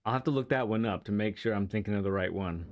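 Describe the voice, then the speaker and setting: Playing a racing game live, a man talks fast in a lowish voice, chatty and enthusiastic, full of rambling restarts and laughter. The audio is lo-fi.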